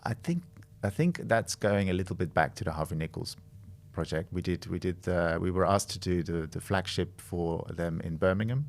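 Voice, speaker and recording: A man's voice: low-pitched, normal speed. A middle-aged man from the Netherlands, a design studio's creative director, speaking as a guest in a podcast interview, thoughtful and hesitant with frequent restarts.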